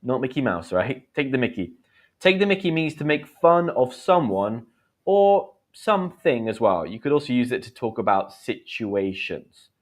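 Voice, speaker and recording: A man in his thirties teaching English slang live, chatty, explaining with quick examples and acted lines. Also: medium pitch, very animated. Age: 30s. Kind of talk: live-streamed English lesson.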